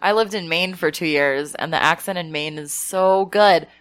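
A woman's voice: on the low side, moderate pace. A woman from New Mexico chatting casually as a podcast co-host, laughing often. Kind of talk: casual chat.

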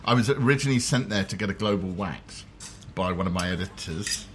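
A South London man with a low, brisk, slightly bright voice interviews a guest over dinner, trading wry, self-deprecating stories in casual table talk. Cutlery and dishes clink in the background, and there's a faint hiss or hum on the recording.

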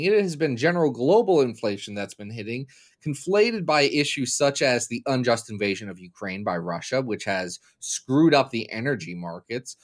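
A man from Kentucky co-hosting a podcast in casual chat, joking and drifting into long explanatory tangents. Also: mid-range voice. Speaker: podcast co-host.

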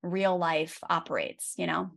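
A woman who works as a parenting educator, telling stories with lively asides as a guest on a casual podcast interview. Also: fairly low pitch, a little slow, gravelly. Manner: lively storytelling with many asides.

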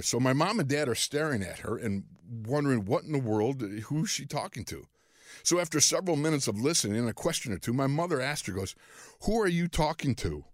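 A man in his sixties from Western New York, a podcast host and former football player telling a story in an animated, self-deprecating way, often chuckling. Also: mid-range voice, no room sound, studio quality. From Western New York, USA. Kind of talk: storytelling monologue.

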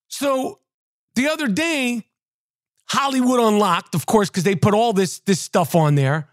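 A man's voice: high-pitched, measured pace, no echo, studio quality. A man ranting in a casual, profane, mocking way as a podcast host. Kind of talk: casual rant.

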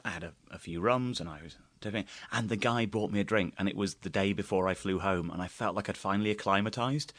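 Chatty English man, low dry voice. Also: fast, few pauses, fairly bright tone, no room sound. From England. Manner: chatty anecdotal storyteller, laughs often. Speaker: guest comedian. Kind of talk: casual chat.

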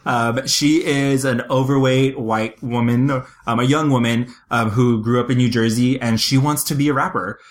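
A man's voice: medium pitch, steady tone, normal speed, few pauses. A man co-hosting a film review podcast, chatting casually and gushing about a movie he loves, with casual swearing. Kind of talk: casual chat.

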